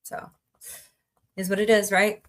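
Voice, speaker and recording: A woman's voice: mid-range voice, flat delivery, a little slow. A woman hosting a casual livestream, chatting, greeting viewers by name and rambling through asides. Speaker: livestream host.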